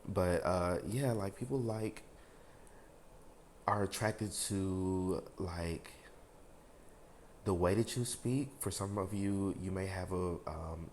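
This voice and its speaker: A man with a very deep voice gives a casual tarot reading to his viewers. He rambles, leans on fillers and talks frankly, with a bit of swearing. A faint hiss sits under the recording. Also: takes it slowly, long pauses, a little mellow. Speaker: tarot reader.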